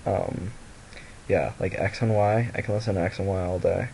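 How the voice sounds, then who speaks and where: Tired young man with a gravelly voice. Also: low voice, fairly even intonation, normal speed, a little mellow, a little hiss or hum, rough recording. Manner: rambling, lots of fillers and restarts. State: tired, sleepy voice. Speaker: vlogger. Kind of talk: casual confessional vlog. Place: at home by a mirror.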